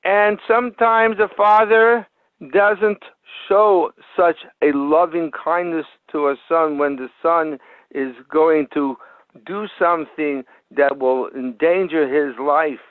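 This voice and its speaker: A high-voiced man preaches a sermon through a parable, telling the story with frequent repetitions and restarts. The sound is narrow and tinny like a phone line, and completely dry. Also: steady tone, slow, dry recording. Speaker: Torah teacher. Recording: tinny phone-like radio broadcast.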